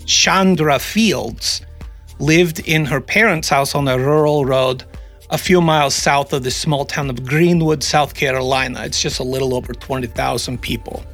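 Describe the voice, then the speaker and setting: A man's voice: mid-range voice, moderate pace, fairly bright tone, soft background music. A man hosting a casual true-crime podcast, joking and rambling, often restarting sentences. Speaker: podcast host.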